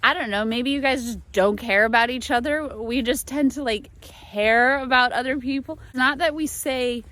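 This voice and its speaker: A young American woman chatting casually to camera from her small apartment, animated and a little exasperated. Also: sits high, normal speed. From United States. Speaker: vlogger.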